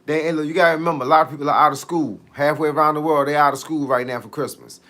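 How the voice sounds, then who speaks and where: A middle-aged man with a fairly high, sharp voice and fairly even intonation chats casually on a fitness livestream. He reads viewer comments and answers them in laid-back slang, wandering off on drawn-out tangents.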